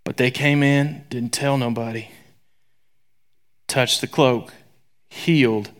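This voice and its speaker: A man preaching a sermon in a conversational, joking way, swinging from loud to hushed whispers. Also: mid-range voice, steady tone, slow. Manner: conversational, joking, acts out voices.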